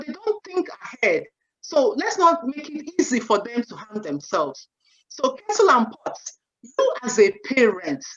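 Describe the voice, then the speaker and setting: A woman in her forties giving an animated parenting talk at a seminar, often saying "you know" and acting out what parents and children say. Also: high-pitched. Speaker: seminar speaker. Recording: dull lo-fi sound.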